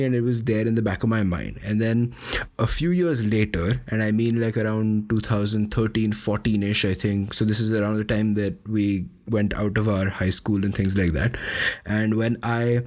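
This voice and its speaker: Young man, lower voice, podcast co-host, casual chat, meandering storytelling. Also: a little mellow. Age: 20s. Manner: meandering storytelling with frequent hedges.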